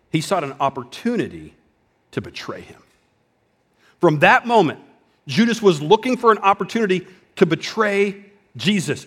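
A man preaching a sermon in a conversational style, dropping at times to a hushed voice for emphasis. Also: a little high, big-room sound. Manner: conversational preaching with dramatic drops to a whisper. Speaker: pastor.

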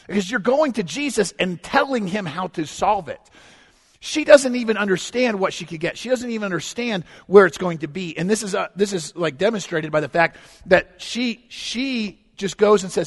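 A man preaching a sermon as pastor, swinging from hushed to loud and emphatic and acting out quotes. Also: high voice. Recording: long echo of a large hall.

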